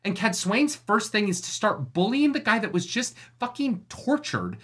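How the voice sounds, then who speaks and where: Animated, bright-voiced ranting podcast co-host. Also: medium pitch, moderate pace, slightly rough. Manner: impassioned, profane ranting; acts out quoted characters. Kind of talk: casual book discussion chat.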